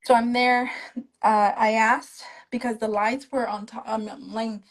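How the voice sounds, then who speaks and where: A woman's voice: on the high side, unhurried, rough recording. A young woman speaking as a guest on a live stream, casually telling her own story and acting out the lines of the people in it. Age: young adult. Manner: animated retelling that acts out the other people's quoted lines. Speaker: guest, stroke survivor. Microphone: phone on a live video stream.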